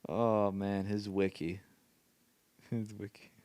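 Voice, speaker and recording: A man's voice: lowish voice, a little mellow, no echo. A tired man hosting a casual solo podcast late at night, rambling and often laughing to himself. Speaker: podcast host.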